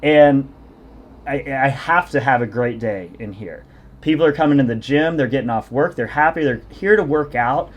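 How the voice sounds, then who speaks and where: With highs cut off in the audio, a man speaks in a mid-range voice at a moderate pace. He's a fitness coach hosting a podcast, rambling through long, self-deprecating stories in casual conversation.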